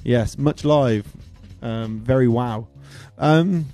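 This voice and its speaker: DJ host, jokey rambling chat, mellow dark tone, faint music underneath. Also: male voice, mid-range voice, takes it slowly. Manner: rambling, jokey, swears a lot, trails off into asides. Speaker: DJ livestream host. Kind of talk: rambling joking livestream chat.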